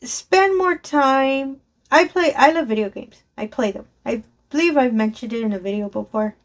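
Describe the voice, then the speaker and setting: Brief: woman crafting vlogger, voice on the higher side, bubbly and rambling, laughs a lot, talks into a desk mic. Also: moderate pace. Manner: chatty and enthusiastic, frequent laughs and self-corrections. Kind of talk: casual chat while sorting craft supplies. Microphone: desk microphone below a raised camera.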